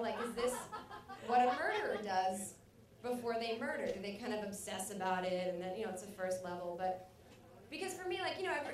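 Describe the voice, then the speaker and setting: Woman comedian, stand-up set, rambling, self-mocking, higher voice, roomy distant sound. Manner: rambling, self-mocking, loud acted outbursts. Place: comedy club stage. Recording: echoey club recording from afar.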